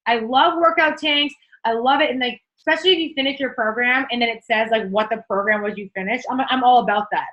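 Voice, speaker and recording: A young adult woman fitness coach giving an energetic, chatty motivational talk on a group call, swearing casually. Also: fairly high pitch, fast talker, highs cut off.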